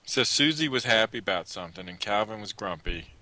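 A man's voice: fairly low pitch, expressive, brisk, bright, forceful tone. A man co-hosting a casual chat, impatient and teasing with a sardonic edge. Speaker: podcast co-host.

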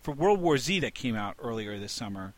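A man hosting a casual podcast chat, animated and profane, who keeps asking the others what they think. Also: medium pitch, a little fast.

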